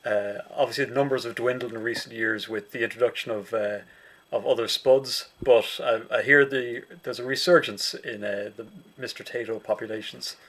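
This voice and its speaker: A man's voice: medium pitch, steady tone, moderate pace, a bit bright. An Irish man hosting a casual online chat, rambling with dry jokey asides over a video call. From Ireland. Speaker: host.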